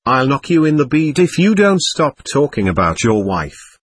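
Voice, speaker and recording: A man's voice: mid-range voice, sing-song, moderate pace, husky, no room sound, clean studio sound. A man reading aloud the lines of a stubborn, hostile male spirit from a séance record, defiant and threatening.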